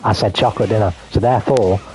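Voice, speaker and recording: A man's voice: on the low side, fairly even intonation, fast talker, a little mellow, faint music behind. A British man chatting casually while streaming a fighting game, rambling and swearing as he jokes with his chat. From Britain. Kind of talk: casual gaming stream commentary.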